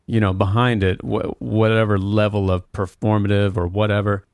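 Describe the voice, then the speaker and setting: A man hosts a casual podcast chat with a lowish voice. He works through his thoughts with small restarts. The sound is dry and close, with no room echo. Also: level tone, normal speed, a little mellow. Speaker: podcast host.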